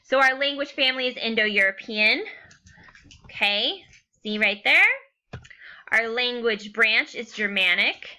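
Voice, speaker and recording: A woman's voice: a little high, unhurried, pauses often, pushed and bright. A young woman teacher giving a recorded class lecture, chatty and casual, often checking in with "okay". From United States.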